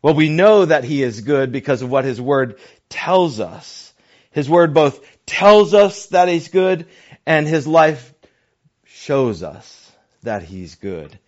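A pastor preaching a sermon, slow and deliberate, often dropping his voice to a hushed near-whisper for emphasis. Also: on the high side, animated. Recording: dull lo-fi recording.

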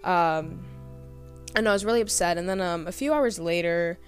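A woman's voice: on the low side, normal speed, faint music behind. A young woman hosting a podcast, telling a personal story in a rambling, hesitant way, full of fillers. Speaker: podcast host.

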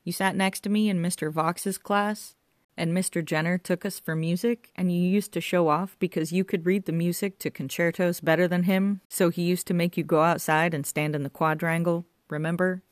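A woman reading an audiobook, voicing a blunt young male police constable with a deadpan manner. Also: sits high, normal speed, no room sound, clean studio sound, lightly acted. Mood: earnest. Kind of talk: audiobook character voice.

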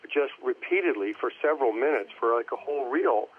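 A man chatting casually on a commentary track, rambling and halting as he searches for his words, heard over a phone line. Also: medium pitch. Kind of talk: casual chat.

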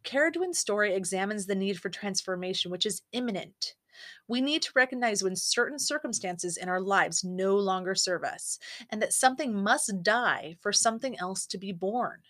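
A woman's voice: mid-range voice, expressive, moderate pace, fairly bright tone. A young adult woman co-hosting a casual talk show, reading out lessons and reflecting in an earnest, storytelling way. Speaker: podcast co-host.

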